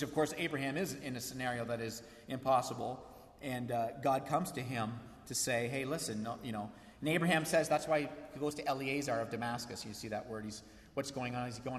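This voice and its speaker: A man preaching a sermon as pastor, swinging from hushed, soft lines to loud, high-pitched peaks. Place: church sanctuary. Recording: echoey hall with long reverb.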